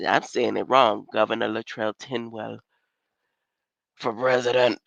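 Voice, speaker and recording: A woman's voice: very deep voice, little pitch movement, unhurried, gravelly, pauses often, no echo, muffled recording. A woman casually chatting with viewers on a livestream from inside her car, playful and laughing often. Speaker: livestream host. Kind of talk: rambling casual livestream chat.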